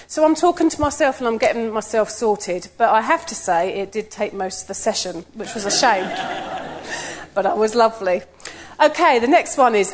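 A middle-aged woman giving a personal sermon talk, telling stories in a lively way and acting out what people said. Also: a little high, moderate pace. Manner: lively storytelling, acts out quotes with laughs. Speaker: church speaker.

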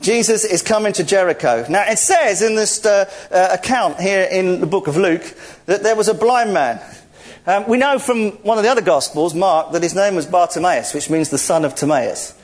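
A man's voice: sits high, moderate pace. A man preaching in a church service, telling a story with jokes and laughter while directing volunteers. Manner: jokey, laughs often, animated storytelling. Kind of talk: playful interactive sermon, directing volunteers.

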